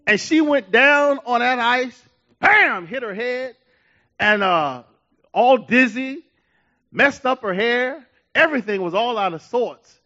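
Guy pastor preaching, kinda high voice, laughs a lot, dull lo-fi sound. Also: slow. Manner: animated preaching with laughs and repetitions. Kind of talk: sermon.

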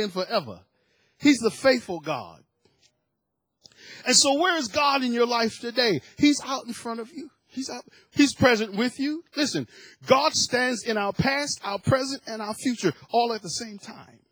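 A man's voice: extremely high pitch, fairly bright tone, no echo. A man preaching a sermon to his church, building to emphatic bursts and repeating words as he goes. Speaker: pastor.

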